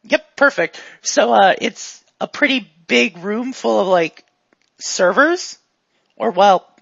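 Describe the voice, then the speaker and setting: A woman's voice: medium pitch, gravelly, no echo. A woman narrating as game master in a tabletop game, casual and full of fillers. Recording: dull, lo-fi dry mic.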